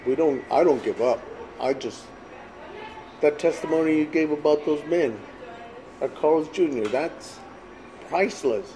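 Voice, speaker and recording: A man's voice: fairly high pitch, measured pace, pauses often, warm tone, a little hiss or hum, low-quality recording. A man in his sixties telling a faith testimony in a casual, plain-spoken way, often tagging his sentences with "man" and "like". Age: 60s. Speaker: guest sharing a ministry testimony.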